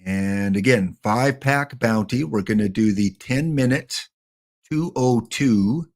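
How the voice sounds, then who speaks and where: A man's voice: mid-range voice, slow. Sex: man. Role: chatty game streamer. Style: casual live-stream talk. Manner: chatty, joking, addressing chat by name.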